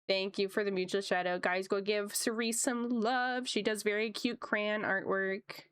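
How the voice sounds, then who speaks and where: A woman art streamer chats casually with her viewers at her home streaming setup, upbeat and quick to laugh, her pitch leaping up when something excites her. Her voice is smooth and clear on a close desk mic with a dry sound, though she has a slight cough from a coming sore throat. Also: no room sound. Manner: chatty and upbeat, laughs often, voice jumps high when excited. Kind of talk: casual chat with live chat viewers.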